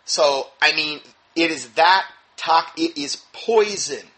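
A man's voice: fairly high pitch, slow pace, fairly bright tone, poor audio. A man reading news reports aloud and breaking in with emphatic, sarcastic preaching commentary, often restarting his sentences. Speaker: religious teacher.

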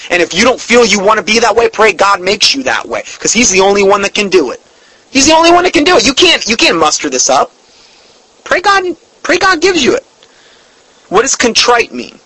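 Earnest high-voiced male preacher. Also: bright, forceful tone, husky, no room sound, low-quality recording. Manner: earnest, emphatic, slows down to read definitions and scripture; emotional about the subject. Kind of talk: sermon.

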